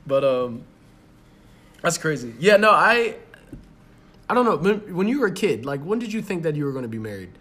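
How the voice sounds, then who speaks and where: A young man in his twenties, rambling through a casual podcast chat. His voice sits a little high, and he swears freely and piles on fillers as he thinks out loud. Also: very animated, normal speed, pauses often, slightly rough. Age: 20s. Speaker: podcast co-host.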